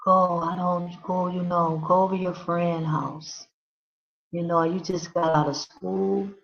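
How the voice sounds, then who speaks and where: A woman talks directly to her listener in a slow, heartfelt monologue, pressing her point by saying the same phrase again and again. Her pitch hardly moves. The recording is dull and lo-fi, with the top end muffled. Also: steady tone, creaky. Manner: repetitive, emphatic, speaks straight to the listener. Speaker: channel host.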